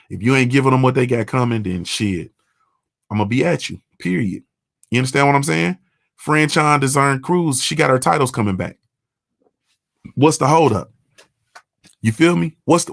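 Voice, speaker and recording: A medium-pitched man hosts a morning show, talking animatedly and briskly with vocal fry and frequent pauses. His casual monologue is blunt and profane, peppered with "you understand what I'm saying." It's studio quality with no room sound.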